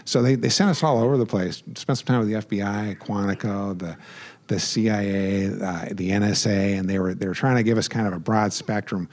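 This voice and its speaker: A middle-aged man giving a speech at a memorial ceremony, halting with fillers and restarts, choked up with emotion and chuckling at himself. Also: lowish voice, steady tone, a little mellow. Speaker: guest speaker.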